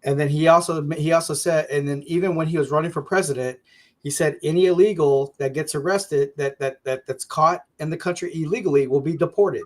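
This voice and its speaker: Man, co-host, casual debate, fairly high voice, insistent and repetitive. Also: fairly even intonation, fast, hardly any pauses. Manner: insistent, repeats his points, stumbles over restarts.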